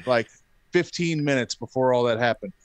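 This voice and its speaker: A man in his thirties tells a story in relaxed, casual talk. He jumps up in pitch to act out what others said, and his voice sounds dry and close to the mic. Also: moderate pace, clear, resonant tone, dry recording. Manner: animated, acts out quotes. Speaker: podcast guest.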